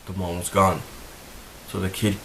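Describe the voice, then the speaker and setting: A man's voice: sits low, monotone, normal speed, a bit bright, a little hiss or hum, low-quality recording. A young man talking earnestly to his viewers in a heartfelt vlog, rambling and repeating himself as he gets emotional. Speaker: vlogger. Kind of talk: earnest talk to camera.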